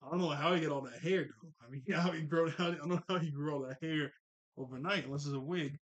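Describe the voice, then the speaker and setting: A young man casually recapping a cartoon episode, chatty and quick to laugh, full of fillers and restarts. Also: fairly high pitch.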